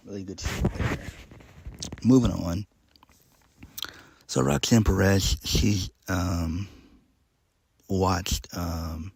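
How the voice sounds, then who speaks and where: A man's voice: low voice, gravelly, a little mellow, husky, dry recording. A man casually recapping a wrestling show, rambling with many ums and uhs in a laid-back way.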